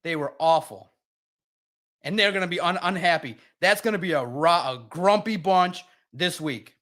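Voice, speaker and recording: A man's voice: high-pitched, moderate pace, a bit bright. A man hosting a live sports podcast, ranting bluntly and emotionally about a team's loss while reading viewer comments.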